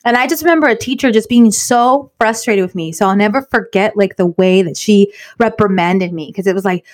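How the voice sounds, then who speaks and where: Fast-talking woman podcast co-host. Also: on the high side. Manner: fast-talking, earnest and apologetic. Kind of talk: casual chat.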